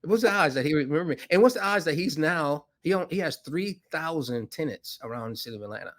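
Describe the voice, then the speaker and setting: A man, a podcast guest who is a financier, telling a story with animated delivery and acting out voices in it. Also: fast. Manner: acts out dialogue with rising pitch, laughs often.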